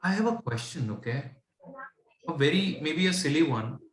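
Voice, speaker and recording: Explaining fractions to a student, a patient tutor with an Indian English accent frequently pauses to confirm understanding and switches between English and Hindi. His voice is on the high side and expressive, at a moderate pace in a roomy-sounding space.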